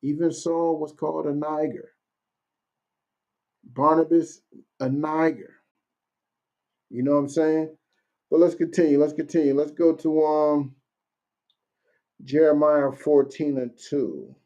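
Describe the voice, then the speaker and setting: A man leading a casual streamed Bible class, talking conversationally and reading verses out slowly. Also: fairly high pitch, fairly even intonation, warm tone, highs cut off. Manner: conversational, keeps asking "you know what I'm saying"; reads verses slowly and deliberately.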